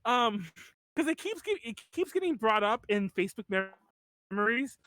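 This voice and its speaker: A man's voice: extremely high pitch, very animated, moderate pace, bright, forceful tone, no echo. A man in his thirties hosting a podcast in casual chat, rambling with lots of "like" and restarts and laughing often. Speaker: podcast host.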